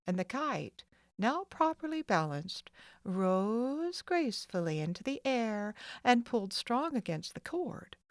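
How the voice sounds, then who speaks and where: Woman audiobook narrator, slow, lively pitch, dry close sound. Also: no room sound. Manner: slow, expressive storytelling. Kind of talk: scripted narration.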